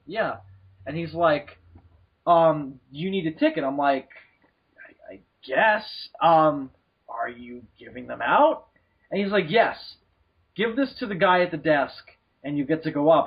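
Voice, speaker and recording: Husky-voiced man telling a rambling story. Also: fairly high pitch. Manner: profane, laughing, acts out people in stories. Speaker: podcast host. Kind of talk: casual comedic storytelling. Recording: muffled lo-fi podcast recording.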